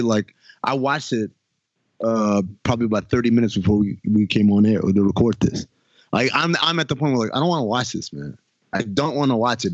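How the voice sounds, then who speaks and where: A man's voice: lowish voice, no echo, highs cut off. A man co-hosting a podcast, ranting in casual chat about a TV show with exasperated, mocking asides. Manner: animated, exasperated ranting with mock quotes. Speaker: podcast co-host.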